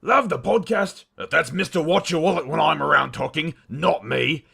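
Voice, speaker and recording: A man plays a loud, self-important Australian boss with a raised, gravelly, slightly husky voice. He booms through comic letters as if every word were a boast. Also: normal speed, full character voice. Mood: blustering. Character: brash boastful Australian company boss, male, middle-aged. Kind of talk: comedic mail reading in character.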